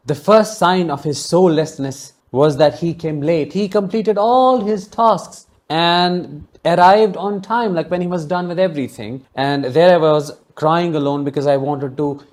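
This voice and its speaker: A man's voice: fairly high pitch, measured pace, hardly any pauses. A man hosting a solo podcast, telling a personal story in an earnest, emotionally charged way and speaking consolingly to his listeners. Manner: warm, consoling sign-off to listeners. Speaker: podcast host.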